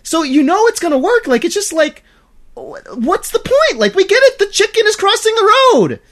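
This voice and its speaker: Animated, ranting podcast co-host. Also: normal speed. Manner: animated, exasperated ranting with big pitch swings; laughs while talking. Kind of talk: casual chat.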